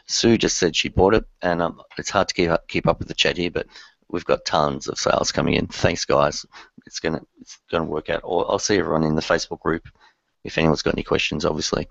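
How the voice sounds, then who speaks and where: A man hosting a live webinar in a relaxed way, reading viewer comments aloud. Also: extremely low pitch, a little fast, vocal fry, no echo, lo-fi sound. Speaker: webinar host.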